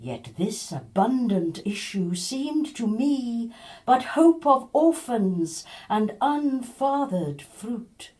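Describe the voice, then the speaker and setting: A woman, an amateur actor, giving a measured, solemn sonnet recitation. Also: fairly high pitch, animated, dark tone. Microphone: home recording.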